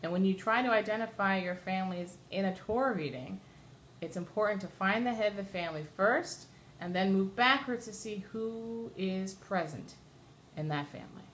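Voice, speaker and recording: A woman cantor leads a lesson on chanting, explaining each pattern patiently. Her voice sits at a middle pitch. A faint hiss runs under the recording. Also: normal speed, fairly bright tone. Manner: explains patiently, then chants short sung examples. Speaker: cantor teaching Torah chanting. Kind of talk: class lesson with sung examples.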